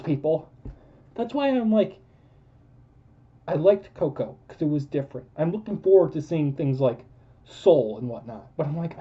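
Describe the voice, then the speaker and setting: A man ranting in a film review vlog, emphatic and repetitive, losing his voice. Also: high-pitched. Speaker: movie reviewer. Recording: dull lo-fi recording.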